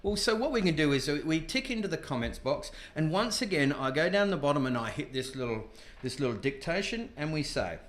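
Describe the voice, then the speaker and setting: Man, software tutorial, casual and chatty, slightly high voice, echoey room. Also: sing-song, fairly quick, hardly any pauses. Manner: chatty and informal, with restarts and asides. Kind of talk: casual screen-demo tutorial.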